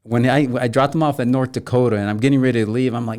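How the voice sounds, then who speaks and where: A middle-aged man who is a guest in a casual conversation, telling stories with lively acted-out dialogue. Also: medium pitch, quick pace. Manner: animated storyteller, acts out quoted dialogue.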